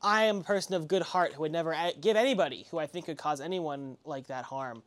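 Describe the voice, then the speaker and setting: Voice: mid-range voice, fast talker, close to an everyday voice. A game master voicing an honest female dealer in armor and weapons, speaking politely and a little formally. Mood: earnest.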